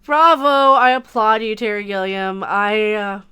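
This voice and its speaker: A woman's voice: mid-range voice, a little slow, noisy background. A woman YouTuber ranting in a commentary vlog, sarcastic and crude, often repeating herself.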